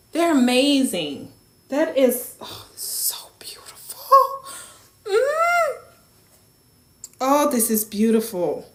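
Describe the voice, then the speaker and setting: A woman who runs a small business, chatting casually in an unboxing vlog and gushing over each piece, often dropping to a soft whisper. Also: fairly high pitch. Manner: gushing, repeats herself, drops into soft whispers. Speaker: small business owner and vlogger. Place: room at home. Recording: echoey room with faint noise.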